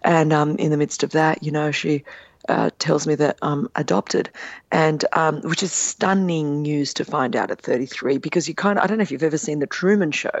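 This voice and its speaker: A woman in her fifties, telling a personal story in an interview. She is earnest and animated, and she acts out the quotes. The sound is dry and a little dull. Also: deep voice, moderate pace, dry recording. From Australia. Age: 50s. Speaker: guest author.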